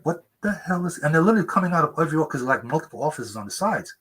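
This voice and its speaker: He's a husky-voiced author in his seventies, racing through earnest stories in a sing-song, slightly bright way and acting out quoted people in a high voice. The setting is a conversational interview where he's the guest, and the remote interview mic yields a low-quality recording.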